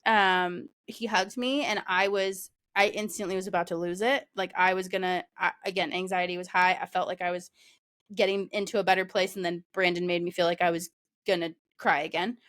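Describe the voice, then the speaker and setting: A woman's voice: lowish voice, little pitch movement, a little fast, fairly bright tone. A young woman co-hosting a podcast, chatting casually with many fillers and frequent laughter. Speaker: podcast co-host. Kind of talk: casual chat.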